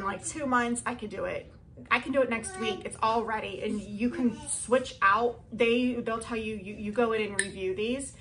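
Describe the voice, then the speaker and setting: A woman vlogging a casual product review at home, chatty and excitable as she gushes over each item. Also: medium pitch, creaky, a little hiss or hum, rough recording.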